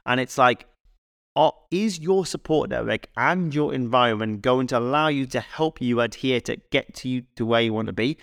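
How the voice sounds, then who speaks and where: A male fitness coach co-hosting a casual podcast, chatting in an animated, rambling way full of anecdotes and restarts. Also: medium pitch, moderate pace, creaky, dry recording, studio quality.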